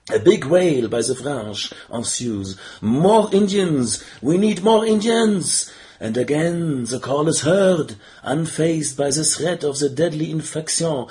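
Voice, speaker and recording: A man's voice: medium pitch, warm tone. A man narrating a board game session recap in a playful, mock-dramatic way, teasing the players and dropping in French phrases.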